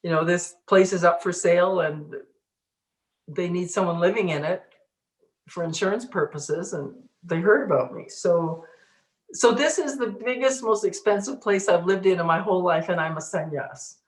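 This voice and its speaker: A middle-aged woman speaks in a lowish voice, recounting her life in a relaxed interview. She tells it with animation, often laughing and acting out the inner voices she heard. The room around her is noticeably echoey. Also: moderate pace. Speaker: interviewee, spiritual teacher. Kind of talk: casual storytelling interview.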